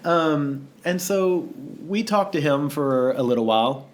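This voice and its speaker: A man co-hosting a podcast, telling a story in a casual, animated way, laughing often and acting out what others said. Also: fairly high pitch, measured pace. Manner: animated, laughing, acts out quoted voices. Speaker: podcast co-host.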